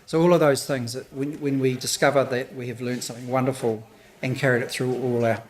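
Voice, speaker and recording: A man giving a thank-you speech at a gallery opening. He talks in a nervous, halting way, with restarts and soft laughs, his voice a little hoarse and thick with emotion. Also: medium pitch, little pitch movement, a little hiss or hum. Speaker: exhibiting artist.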